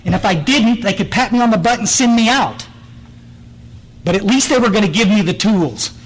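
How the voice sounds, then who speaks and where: A man's voice: high-pitched, animated, moderate pace, a little hiss or hum, poor audio. A man, giving a blunt, direct recovery meeting talk full of stories and restarts, speaking in a meeting room.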